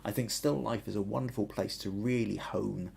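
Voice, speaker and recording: Gravelly Southern English man hosting. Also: lowish voice, fairly even intonation, normal speed, darkish tone, slight background noise. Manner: thoughtful, restarts sentences often, reads out viewer comments. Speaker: podcast host. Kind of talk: live photography podcast chat.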